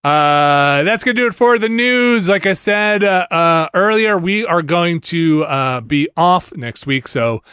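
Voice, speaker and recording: Podcast host guy, bright kinda high voice, jokey and animated, dry studio mic. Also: a little slow, few pauses, clean tone, no echo. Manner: animated, joking, rambling with fillers. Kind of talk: casual podcast chat.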